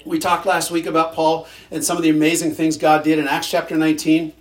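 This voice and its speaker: A man's voice: fairly high pitch, little pitch movement, fairly quick. A male pastor preaching a sermon in a conversational way, with dry sarcastic humor.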